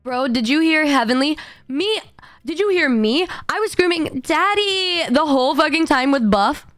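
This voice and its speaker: A high-pitched woman streamer with a hoarse, worn-out voice, chatting animatedly and laughing as she tells a story. Her voice is close and dry on the mic, with soft music playing underneath. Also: no room sound. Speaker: VTuber streamer. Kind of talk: casual livestream chat.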